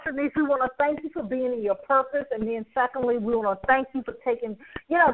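Casting: high-pitched woman host, effusive and emotional, tinny phone-like sound. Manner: effusive, emotional, laughing often. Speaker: podcast host. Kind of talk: animated show sign-off.

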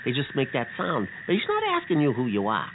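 A man voicing an earnest young bean hero who gets exasperated with his partner and keeps telling her to calm down. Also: medium pitch, fast, pitched above the performer's own voice. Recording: tinny phone-like line with noise.

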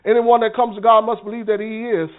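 This minister's voice sits high and level, and he talks fast. Teaching a Bible class conversationally, he keeps checking in with listeners and repeating words, all captured in narrow, phone-like sound.

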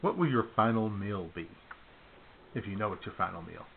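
A man's voice: lowish voice, expressive, normal speed, creaky, a little hiss or hum. A man hosting a casual talk radio show, firing off upbeat quiz questions and laughing easily. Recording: tinny phone-like sound.

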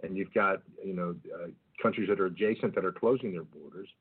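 A man hosting an internet talk radio show, reading headlines in a halting monologue full of fillers. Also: low voice, husky. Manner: halting, many fillers and restarts. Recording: phone-like lo-fi clip.

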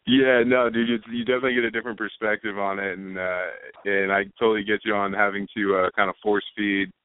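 A man speaking as a guest in a casual chat, laid-back and relaxed, with many fillers. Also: fairly low pitch, fast. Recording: dry tinny phone line.

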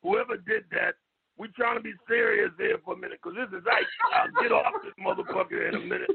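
A man talking on a radio show, loud and profane, stammering and repeating himself, sometimes shouting. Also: high-pitched, very animated, fast, gravelly, crowd noise. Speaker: call-in guest. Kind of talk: loud rambling radio talk. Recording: lo-fi phone line.

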